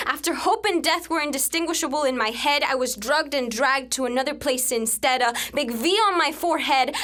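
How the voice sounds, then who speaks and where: A young woman performing a spoken word poem with an intense, dramatic delivery that swings between hushed passages and urgent outbursts. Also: fairly high pitch.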